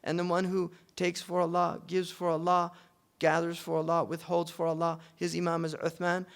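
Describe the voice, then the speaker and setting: A man teaching a class on logic, explaining in a loose, conversational way with fillers and restarts, and reciting Arabic text quickly. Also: fairly high pitch, monotone, vocal fry, smooth.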